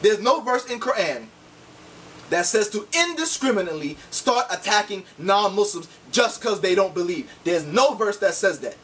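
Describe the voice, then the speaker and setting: A man with a high voice rants in a combative, insulting way, hammering his points with repeated "see?". He sounds set back from the microphone, with a faint hiss underneath. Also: lively intonation, normal speed, fairly bright tone, far from the mic. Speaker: online commentator. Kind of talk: heated video rant.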